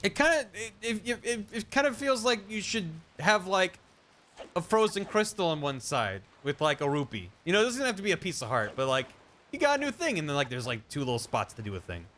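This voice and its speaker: A man's voice: high voice, sing-song, a little fast, fairly bright tone. Rambling, jokey male game streamer. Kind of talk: casual gameplay commentary.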